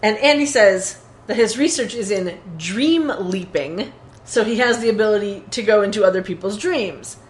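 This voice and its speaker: A woman's voice: mid-range voice, normal speed, slight background noise. A woman co-hosting a podcast, casually recapping a TV episode and acting out quoted lines. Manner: animated retelling with quoted lines. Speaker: podcast co-host.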